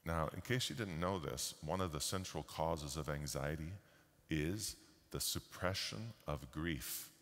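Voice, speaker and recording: Very deep-voiced man in a reverberant hall. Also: animated, a bit bright. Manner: slow, deliberate with pauses. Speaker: keynote speaker. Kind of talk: storytelling keynote talk. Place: large conference hall.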